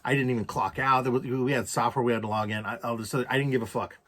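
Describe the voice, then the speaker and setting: A man vlogging a casual story, swearing a lot and loudly acting out his own past rants. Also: medium pitch, rapid-fire. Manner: profane, animated, acts out quoted rants loudly.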